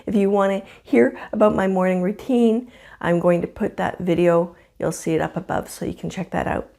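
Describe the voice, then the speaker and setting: Chatty woman with a rough morning voice. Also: on the low side, steady tone, normal speed, warm tone. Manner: chatty and candid, laughs often. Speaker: vlogger. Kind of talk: casual personal vlog. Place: home, indoors.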